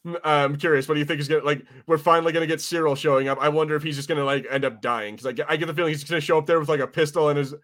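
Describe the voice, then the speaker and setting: A man's voice: a little high, steady tone, rapid-fire, hardly any pauses, fairly bright tone. A man co-hosting a podcast in casual chat, rambling with many restarts and swearing freely. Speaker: podcast co-host.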